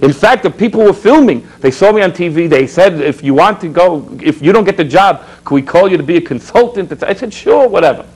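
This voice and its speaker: Animated, high-pitched preaching rabbi man. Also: brisk, few pauses, breathy edge, poor audio. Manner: exhorting, rhetorical questions, storytelling asides. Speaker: rabbi hosting a TV show. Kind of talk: animated preaching talk with anecdotes. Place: public access TV studio.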